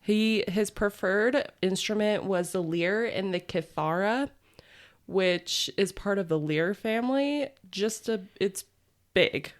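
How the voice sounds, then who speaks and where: A woman's voice: mid-range voice, slow. A woman co-hosting a podcast, retelling a myth in casual chat with lots of fillers and laughter. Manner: chatty, filler-heavy, laughs often. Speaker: podcast co-host.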